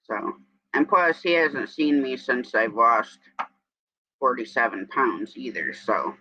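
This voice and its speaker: A man's voice: mid-range voice, takes it slowly, pushed and bright, no echo, rough recording. A man from New York with an upstate New York accent, hosting a casual morning live stream and chatting in a rambling way while greeting viewers.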